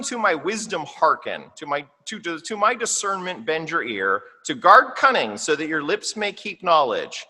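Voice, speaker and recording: Animated pastor with a bright, reverberant voice. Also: male voice, on the high side. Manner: animated and conversational, often checks in with "right?"; reads scripture slowly and deliberately. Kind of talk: sermon with scripture reading. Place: church sanctuary. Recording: long hall reverb in a church.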